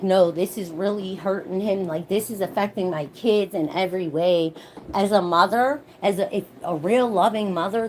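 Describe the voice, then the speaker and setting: A woman's voice: mid-range voice, slight background noise. A young woman vlogger in a heated, profane rant, commenting on another mother. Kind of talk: ranting commentary vlog.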